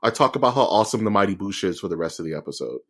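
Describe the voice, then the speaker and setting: A man's voice: low voice, expressive, racing, fairly bright tone. A man co-hosting a podcast in casual chat, teasing and slangy, calling his friend dude and dog. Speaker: podcast co-host.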